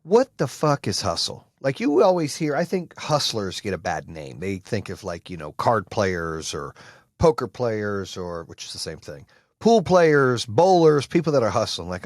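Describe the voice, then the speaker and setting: A man hosting a podcast, giving an intense, profane motivational monologue with shouting bursts. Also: lowish voice, sing-song, moderate pace, no echo, studio quality. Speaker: podcast host.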